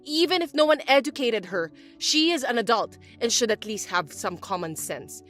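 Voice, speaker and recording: Shrill, overbearing older mother-in-law, voiced by a woman in an audio drama, nagging and accusing. Her voice sits high and swings widely through each line. Faint music plays behind her. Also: lively intonation, normal speed, fairly bright tone. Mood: indignant. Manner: accusing, nagging, self-pitying.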